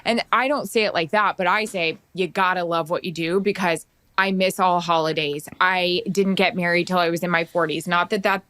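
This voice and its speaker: A woman's voice: lowish voice, fairly even intonation, normal speed, fairly bright tone, clean tone. A woman in her forties, a sportscaster, giving earnest career advice in an interview. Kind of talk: interview clip. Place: played clip.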